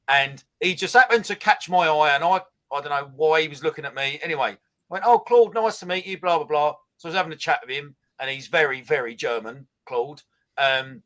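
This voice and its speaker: A man, co-hosting a casual chat and telling an animated story. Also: a little high, rough recording. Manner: animated storytelling, laughing at his own tale. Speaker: co-host.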